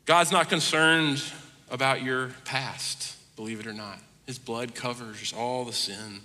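A man preaching a sermon as pastor, swinging between hushed asides and loud emphatic runs. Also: mid-range voice, unhurried. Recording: long reverb of a large hall.

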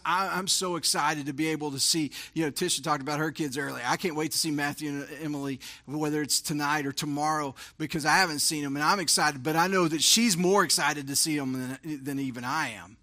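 A man, preaching a sermon, who shifts between hushed storytelling and fervent praise. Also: fairly high pitch. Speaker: pastor.

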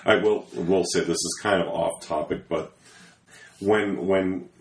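A man's voice: low voice, fairly even intonation, measured pace, echoey room, slight background noise. A man guesting on a podcast, retelling movie scenes in a storytelling way. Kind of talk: casual movie discussion.

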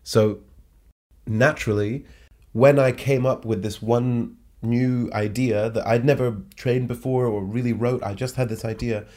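A man, a stand-up comedian, recounting a story in a loose, conversational way. He switches into higher, sillier voices whenever he quotes himself or others, which keeps the telling animated. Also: unhurried. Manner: animated, jumps pitch to act out quoted lines. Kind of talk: casual anecdotal storytelling.

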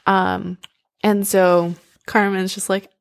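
A woman's voice: mid-range voice, little pitch movement, slow pace, gravelly. A young woman casually retelling a story in a loose chat, filling her sentences with "like" and "um". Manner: loose, filler-heavy retelling with lots of "like". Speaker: storyteller retelling an opera plot.

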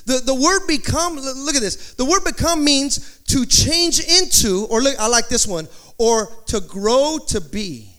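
Man, high voice, preaching a sermon, animated, chatty, joking asides. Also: a little slow, few pauses. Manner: slips into playful put-on accents in quotes. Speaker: pastor.

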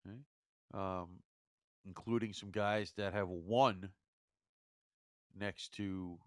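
A man co-hosting a hockey talk show, measured and dry, counting points out carefully. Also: sits low, clean tone, dry recording. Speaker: hockey analyst, co-host. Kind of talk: casual hockey chat.

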